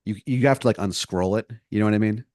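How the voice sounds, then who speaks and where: Low-voiced man spinning a rambling story. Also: fast talker, darkish tone, no echo, studio quality. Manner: rambling, full of likes and restarts. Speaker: podcast co-host. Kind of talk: improvised comedy storytelling.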